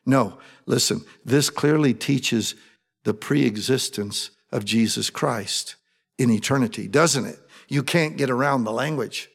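A male pastor preaching a sermon, animated, often acting out eager voices with sudden jumps in pitch. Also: measured pace, creaky.

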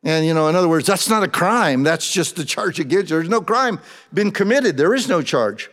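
This preacher's fairly high voice has lively intonation and a bit of brightness, moving a little fast. He reads Bible verses and retells them in plain, modern words, his conversational sermon echoing with long large-hall reverb.

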